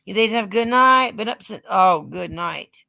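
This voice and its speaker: Gravelly lady ranting on her stream, bright sound, cussing and rambling through stories. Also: mid-range voice, animated, normal speed. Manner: profane, rambling storytelling. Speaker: livestream host. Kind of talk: casual chat.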